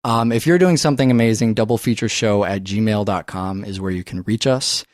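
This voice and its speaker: A man co-hosting a podcast in a studio, talking about movies in a casual, animated way and swearing freely. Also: on the low side, brisk, no echo. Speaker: podcast co-host. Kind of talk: casual film chat.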